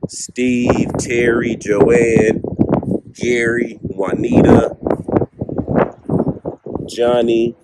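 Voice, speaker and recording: Slow-talking man in loud wind. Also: medium pitch, lively intonation. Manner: slow, reads out gravestone names, talks to spirits. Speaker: paranormal vlogger. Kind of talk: casual ghost-hunting vlog. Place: cemetery outdoors at night, windy. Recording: loud wind noise outdoors.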